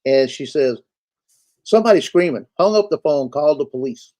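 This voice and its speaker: A man chats and spins anecdotes in a relaxed, folksy way, lending voices to the people in his stories. His tone is dark and mellow rather than bright. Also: medium pitch, a little fast. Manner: folksy storyteller, acts out quoted voices. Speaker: co-host on a live stream. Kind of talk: casual chat, storytelling.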